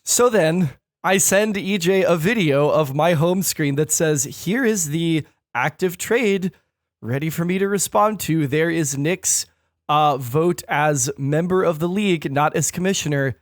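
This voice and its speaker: A man co-hosting a podcast, talking in a measured, wry, casual way. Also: fairly high pitch, dry recording, studio quality. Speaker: podcast co-host. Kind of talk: casual chat.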